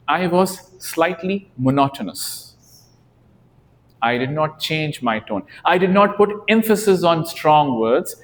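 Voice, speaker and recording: A man's voice: fairly high pitch, big-room sound. Man giving a club speech, rhetorical. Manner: rhetorical questions, deliberate emphasis on key words. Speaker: club speaker.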